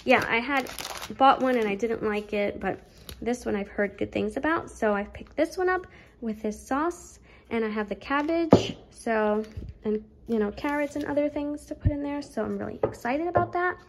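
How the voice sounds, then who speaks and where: A woman's voice: fairly high pitch, normal speed, heavy background noise. Chatty young woman vlogging, slightly breathless. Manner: chatty, rambling, with fillers. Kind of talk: casual grocery haul chat.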